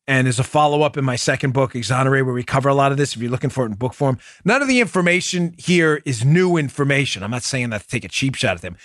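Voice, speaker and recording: A man's voice: on the high side, fairly bright tone, no room sound, clean studio sound. A male podcast host giving mocking political commentary, reacting to clips with sarcasm and laughter.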